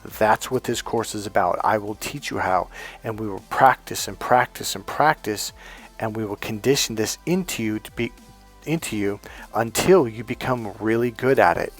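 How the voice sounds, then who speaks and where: A middle-aged man with a husky, lowish voice gives dating coaching at normal speed, faint music playing behind him. Earnest and emphatic, he tells a personal story and sometimes acts out what others said.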